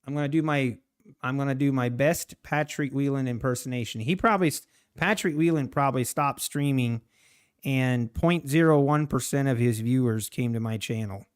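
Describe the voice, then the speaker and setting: A man's voice: mid-range voice, normal speed, clear, resonant tone. Chuckling man live-streaming his trading. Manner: rambling, laughs often, answers chat. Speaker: live-streaming day trader. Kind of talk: casual live-stream chat.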